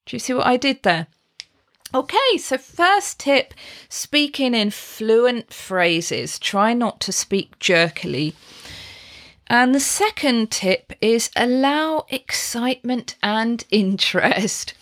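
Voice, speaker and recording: A woman from the UK, a podcast host and performance coach, giving upbeat voice-coaching tips, laughing lightly and demonstrating pitch patterns as she talks. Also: animated, slow pace, fairly bright tone.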